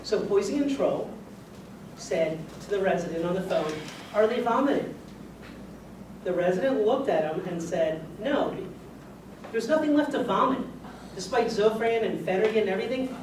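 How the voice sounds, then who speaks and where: A doctor with a high voice gives a medical lecture to a live audience, picked up by a distant room mic in an echoey space. He speaks conversationally and asks the audience questions, with a constant hiss beneath his voice.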